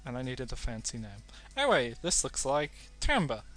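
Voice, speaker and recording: A man's voice: medium pitch, wildly swooping pitch, normal speed, a bit bright, faint music behind. Playful British man commentating a game. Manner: playful and self-mocking. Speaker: let's play host.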